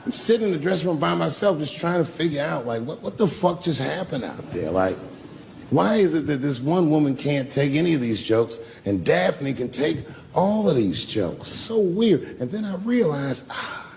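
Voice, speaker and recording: Male stand-up comic on a club stage, gravelly voice, profane and loose storyteller. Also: a little high, animated, normal speed, darkish tone, slight background noise. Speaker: stand-up comedian. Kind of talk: stand-up routine. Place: comedy club stage with live audience.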